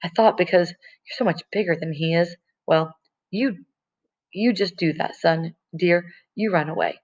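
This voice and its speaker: A woman reading a novel aloud, voicing a soft, fussing, worried old grandmother, in a dull lo-fi recording. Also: fairly low pitch, unhurried. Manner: soft, fretting.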